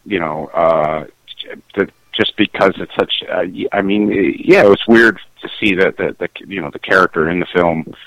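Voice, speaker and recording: A middle-aged man with a very low, deep voice answers questions in a casual interview. He trips over his words, restarting sentences and laughing at himself. The sound is dry and close, with no room around it. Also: a bit bright, dry recording, poor audio. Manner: halting, full of restarts and fillers, self-conscious laughs. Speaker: musician guest.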